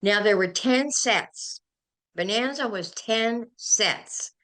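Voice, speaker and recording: An older woman, a guest on a talk show, telling animated and emotional stories. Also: medium pitch, slow. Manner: animated, emotional storyteller who gets carried away. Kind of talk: anecdotal storytelling in a chat.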